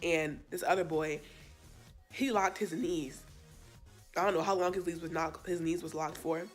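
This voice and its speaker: A young woman casually telling a storytime, chatty and animated, with sassy asides to her viewers. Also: lowish voice, normal speed. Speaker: vlogger. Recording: faint background music.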